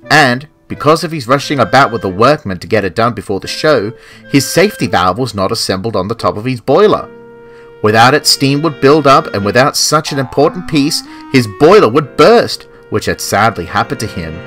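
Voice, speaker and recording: A man narrating a children's story in an expressive, measured storytelling way. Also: medium pitch. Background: music.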